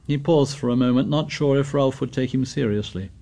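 Male audiobook narrator, mid-pitched, measured storytelling read. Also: vocal fry, dark tone. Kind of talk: scripted narration.

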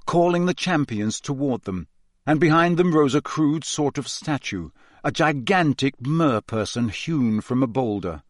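Male audiobook narrator, measured expressive reading, middle pitch, dry close sound. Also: dry recording. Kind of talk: scripted narration of a novel.

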